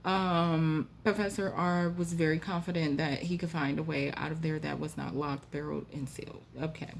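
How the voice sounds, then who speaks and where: A woman host telling a spooky personal story in a chatty, animated way with frequent asides to the listener. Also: deep voice, normal speed, vocal fry, slight background noise. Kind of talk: casual storytime.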